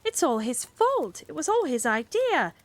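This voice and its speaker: An anxious, polite young girl, earnest and pleading, her voice lifted well above the reader's own, as a woman puts her on. Her lines come soft yet urgent, read as a cozy bedtime story. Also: high-pitched, sing-song, unhurried, voice pushed up.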